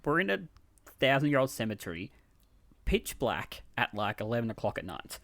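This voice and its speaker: A man's voice: medium pitch, moderate pace, dry recording. A man co-hosting a podcast, telling stories in a chatty way with lots of fillers. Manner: animated storytelling with filler words. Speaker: podcast co-host. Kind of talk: casual chat.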